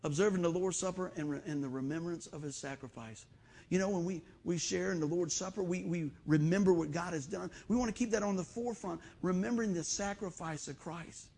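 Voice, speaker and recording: A middle-aged man delivers a sermon, drifting between homespun stories and encouragement. His voice sits high for a man, with a gravelly, husky texture. He talks in a conversational, animated way that holds the room. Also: fairly quick. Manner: folksy storytelling, animated and conversational. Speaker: pastor.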